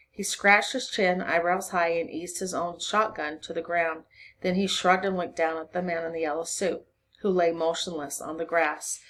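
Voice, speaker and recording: Woman reading a novel aloud to kids. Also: fairly low pitch. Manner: expressive reading, voices for each character. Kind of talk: storybook read-aloud to a class.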